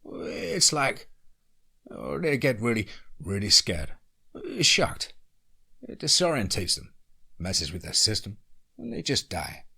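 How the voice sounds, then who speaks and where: A man's voice: lowish voice, sing-song, slow, vocal fry, pauses often, pushed and bright, slightly rough, heavily acted. A man doing a hesitant country-accented young rancher. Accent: American country. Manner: hesitant, fumbling for words. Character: young male rancher, evasive and uneasy.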